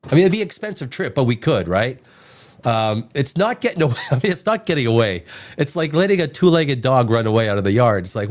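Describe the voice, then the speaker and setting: Animated man with a cold. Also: medium pitch, fast. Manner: animated, rambling, swears casually. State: has a cold. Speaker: podcast host. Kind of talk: casual podcast talk, reading news aloud.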